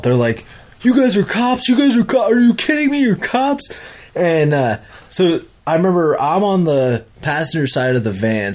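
Rambling, animated man telling a story. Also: medium pitch. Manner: animated, rambling, profane, acts out quotes. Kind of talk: casual storytelling.

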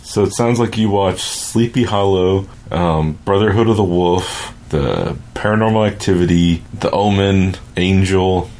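A man's voice: low-pitched, measured pace, hardly any pauses, a little mellow. A man chiming in with dry jokes during a casual chat. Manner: dry joking interjections.

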